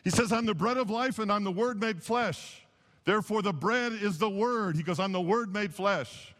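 Male pastor, fairly high voice, sermon delivery that moves from hushed to emphatic, long church reverb. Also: moderate pace. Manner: impassioned, swings from hushed to emphatic. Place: church sanctuary.

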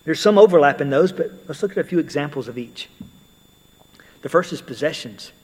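A man's voice: on the high side, animated, brisk, darkish tone, husky, in a large hall, low-quality recording. A man preaching a sermon in a conversational way, with storytelling asides.

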